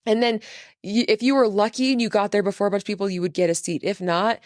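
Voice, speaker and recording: A woman in her thirties talks casually as a podcast host, laughing her way through an animated story. Her voice sits at an ordinary middle pitch. The sound is dry and close, with no room echo. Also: quick pace.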